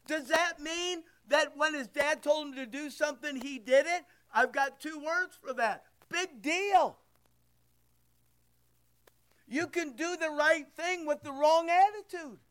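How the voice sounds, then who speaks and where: A man's voice: very high voice, a little slow, hardly any pauses, fairly bright tone. A man preaching a sermon, talking to his congregation in an emphatic, conversational way full of rhetorical questions. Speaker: pastor.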